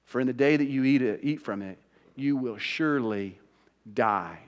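Emphatic pastor in a reverberant sanctuary. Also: male voice, mid-range voice, moderate pace. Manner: emphatic, conversational preaching with rising bursts. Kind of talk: sermon.

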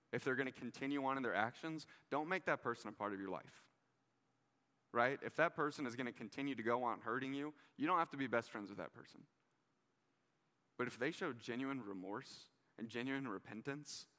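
Man, pastor, earnest conversational sermon, bright tone, long hall reverb. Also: mid-range voice. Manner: earnest, conversational preaching with casual asides.

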